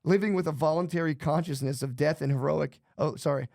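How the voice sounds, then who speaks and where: Gravelly rambling man on a podcast. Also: a little high, fairly quick, a little mellow, no echo, studio quality. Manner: rambling, profane, restarts often. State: jittery from too much coffee. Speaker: podcast co-host. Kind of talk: casual podcast chat.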